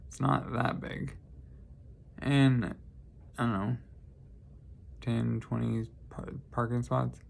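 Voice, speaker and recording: Slow, gravelly man telling rambling anecdotes. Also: medium pitch, flat delivery. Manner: rambling, self-correcting, lighthearted. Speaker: vlogger. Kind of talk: casual storytelling monologue.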